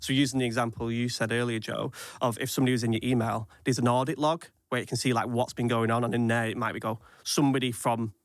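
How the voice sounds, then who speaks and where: A man on a casual podcast, explaining security steps in quick practical lists. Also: mid-range voice, level tone, no echo, studio quality. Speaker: cyber security expert guest.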